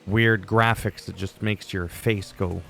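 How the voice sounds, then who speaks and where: A man with a fairly low voice, talks through his gameplay in a loose, opinionated rant. He swears freely and wanders between tangents. Faint game music sits quietly behind him. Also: fairly even intonation, measured pace, vocal fry. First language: French. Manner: ranty, profane, opinionated. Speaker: gaming YouTuber. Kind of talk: casual gameplay commentary.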